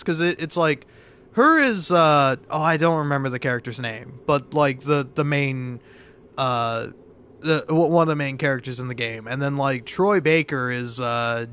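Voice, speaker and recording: A man's voice: on the high side, fairly bright tone, clean tone. A man giving casual, rambling commentary on a video game as he plays, full of restarts and fillers. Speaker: let's play streamer. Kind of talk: gameplay commentary and narration.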